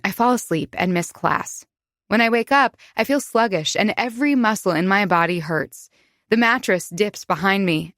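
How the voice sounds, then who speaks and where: Woman narrator, mid pitch, intimate first-person audiobook reading, dry close studio sound. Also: fairly bright tone, no echo.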